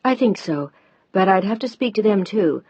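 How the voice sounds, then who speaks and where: A woman voicing an eager, curious female TV reporter in an audiobook, brisk and persuasive. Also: medium pitch, expressive, a little mellow, breathy edge, dry recording. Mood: earnest. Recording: dull dry audiobook recording.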